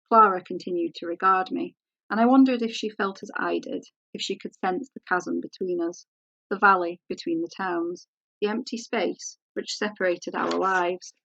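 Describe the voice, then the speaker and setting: A woman author reading her novel aloud in a measured, composed way. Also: on the low side, creaky, fairly bright tone, no echo, highs cut off.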